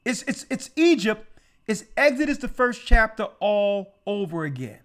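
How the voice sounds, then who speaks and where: A man speaking as a church elder, telling a testimony in an animated conversational way and repeating words for emphasis. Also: high voice, moderate pace.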